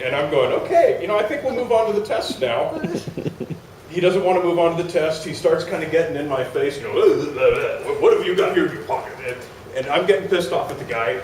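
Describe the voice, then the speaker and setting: On a conference stage before a live audience, a man tells a funny anecdote, animatedly acting out the people in it and laughing as he goes. His voice is mid-range. The audio is poor: the hall echoes, he's far from the mic, and there's a little hiss or hum.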